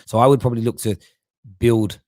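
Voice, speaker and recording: A man's voice: medium pitch, fairly even intonation, a little fast, darkish tone, dry recording, studio quality. A middle-aged man hosting a casual live stream, reading out viewer comments and often repeating words as he thinks. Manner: chatty, stumbles and repeats words while thinking. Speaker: host of a football fan live stream.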